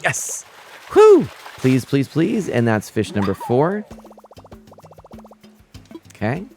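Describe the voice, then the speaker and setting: A man streaming a fishing game, chatting with viewers and reading out their messages with quick laughs. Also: medium pitch, vocal fry, faint music behind. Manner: chatty, reads out chat and greets viewers, nervous excited laughs. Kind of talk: live gameplay commentary.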